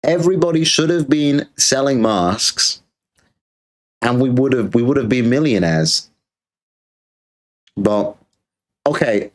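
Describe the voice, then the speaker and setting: British male streamer, sarcastic crude rant, mid-pitched voice. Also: animated, normal speed. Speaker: streamer host. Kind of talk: livestream rant.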